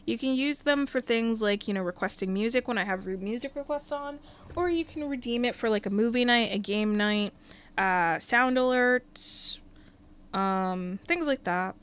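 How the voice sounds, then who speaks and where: A woman's voice: on the high side, moderate pace, a bit bright, smooth. A woman casually commenting while livestreaming a life-sim game, talking to the characters and thanking viewers. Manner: chatty, talks to game characters and chat.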